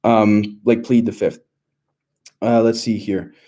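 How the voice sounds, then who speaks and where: A man's voice: on the low side, fairly even intonation, slow, mellow. A young man hosting a casual livestream, reading out chat questions and answering in a loose, rambling way with many fillers.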